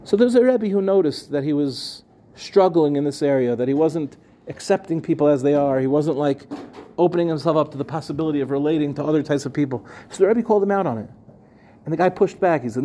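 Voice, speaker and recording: Speaking a little quickly, this high-leaning, bright-voiced male rabbi leads an animated Torah class in a room full of listeners. His style is chatty: he questions the audience and says phrases more than once.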